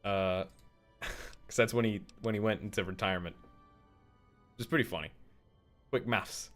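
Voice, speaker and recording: A man's voice: lowish voice, fairly even intonation, normal speed, a bit bright, soft background music. Chatty young man streaming a game. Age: 20s. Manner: chatty, self-deprecating, stumbling. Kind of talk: casual live gameplay commentary.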